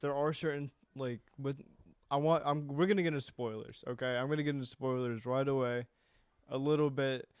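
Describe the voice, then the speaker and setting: A young man talking through a film in loose, rambling podcast chat, with the odd swear. His voice is smooth and resonant, and his pitch sits mid-range. The sound is close and dry. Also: steady tone, brisk, no echo. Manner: casual, rambling, swears freely. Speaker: podcast co-host. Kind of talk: casual chat.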